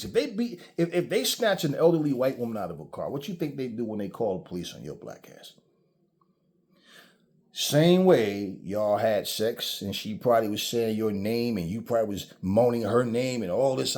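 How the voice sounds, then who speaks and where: A man's voice: medium pitch, a little mellow. Man, channel host, casual ranting monologue, blunt, cussing, preachy, mid-range voice. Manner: blunt, profane, preachy storytelling.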